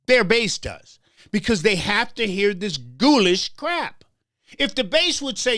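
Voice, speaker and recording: A man's voice: high-pitched, lively intonation, a little slow, pushed and bright, no echo, clean studio sound. A man hosting a political talk show, delivering a heated commentary monologue with stammered restarts and a preacher-like rhythm. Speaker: show host.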